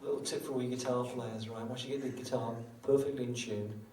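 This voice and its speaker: An older man talks to the crowd between tunes, chatty and self-mocking, wandering into jokes and asides at an ordinary pitch. He sounds far from the mic in a roomy venue, with guitar clearly playing behind him. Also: steady tone, fast talker. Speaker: guitarist performing live. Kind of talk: between-song stage banter. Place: small live music venue.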